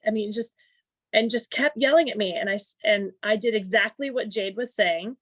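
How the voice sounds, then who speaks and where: A woman's voice: mid-range voice, moderate pace, no echo. A middle-aged woman in an online workshop, candidly telling a personal story and reflecting on it. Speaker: workshop participant. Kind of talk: personal story in a group chat. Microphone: video call.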